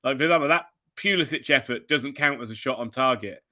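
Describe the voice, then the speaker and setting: A man's voice: medium pitch, quick pace, pushed and bright. A man with an English accent, a soccer analyst chatting loosely about the match with casual slang. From England. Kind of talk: live match commentary chat.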